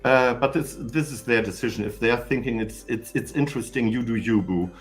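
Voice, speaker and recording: A man's voice: medium pitch, a little fast, soft background music. A man with a German accent, hosting a casual live stream for his channel, rambling, stammering and chatting cheekily with his viewers. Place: home in Austria.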